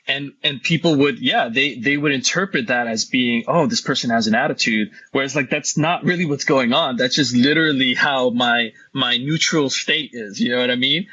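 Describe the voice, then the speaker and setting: A man's voice: medium pitch, normal speed, hardly any pauses, sharp tone, a little hiss or hum. A man moderating a panel in a casual, affirming way, agreeing with the speakers and passing questions on to others. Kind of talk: candid panel discussion. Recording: dull lo-fi audio.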